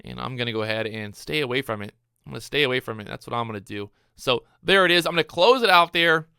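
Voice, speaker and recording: A man giving live day-trading commentary to his viewers, excitable and out of breath, repeating his phrases as he watches the charts. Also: mid-range voice, fast, creaky, smooth, no echo, clean studio sound. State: out of breath, hyped up. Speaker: day trader streaming his trades.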